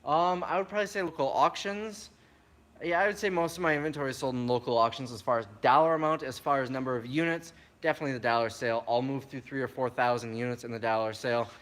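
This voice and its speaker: A man with a medium-pitched voice speaks quickly while casually answering viewer questions on a live stream. Relaxed and chatty, he reads each question aloud before responding.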